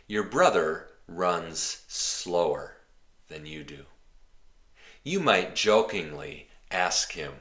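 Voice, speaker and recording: A man teaching an English lesson slowly and clearly, rephrasing each example in simple words. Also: low-pitched, animated, fairly bright tone. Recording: roomy echo.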